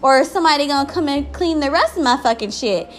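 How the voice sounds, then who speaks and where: A woman's voice: sits high, expressive, quick pace, slight background noise. A woman ranting in a casual vlog, exasperated and full of swearing.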